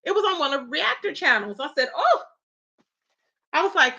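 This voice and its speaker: A woman hosting a casual live-stream gossip chat, animated and full of loud exclamations. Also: sits high, moderate pace, pauses often, muffled recording.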